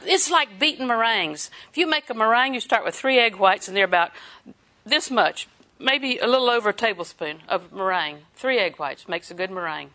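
Older female preacher, bright tone, folksy and chatty. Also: mid-range voice, expressive, a little fast. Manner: folksy, chatty, laughs often. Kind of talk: sermon.

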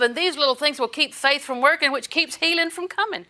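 A woman's voice: high voice, expressive, brisk, hardly any pauses, bright, forceful tone. An older woman minister preaching a sermon, telling personal stories with quoted dialogue and occasional laughter.

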